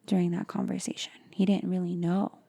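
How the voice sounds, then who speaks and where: A woman's voice: lowish voice, flat delivery, a little fast, vocal fry, warm tone. A woman co-hosting a casual book podcast, talking thoughtfully, searching for words and slipping into Spanish. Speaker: podcast co-host.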